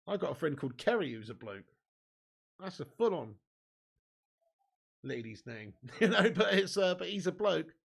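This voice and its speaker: A man's voice: high-pitched, moderate pace, vocal fry, pauses often. A young man hosting a live football watch-along, giving commentary and reading viewer comments. He swears a lot, laughs often and banters with his viewers. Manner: gets excited at chances and goals.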